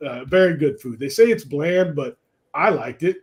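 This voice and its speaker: A man's voice: fairly high pitch, moderate pace. A man co-hosting a podcast, telling stories in a loose, rambling way with many fillers. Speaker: podcast co-host. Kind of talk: casual chat.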